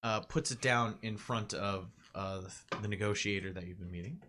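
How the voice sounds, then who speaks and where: A man's voice: on the low side, normal speed, noisy background. A man narrating as game master in a tabletop game, loose and casual with lots of fillers.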